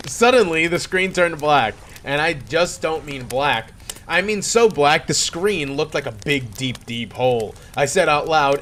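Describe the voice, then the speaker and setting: A man's voice: mid-range voice, expressive, normal speed, a bit bright, a little hiss or hum. A man reading a horror story aloud in a playful, mock-dramatic way. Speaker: creepypasta reader.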